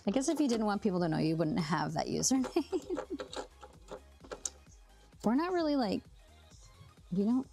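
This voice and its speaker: A woman's voice: mid-range voice, very animated, slow, gravelly, pauses often, music in the background. A young woman from Canada hosting a sewing livestream, chatting casually with viewers and laughing often as she thinks aloud. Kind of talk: casual chat while sewing, reading viewer comments.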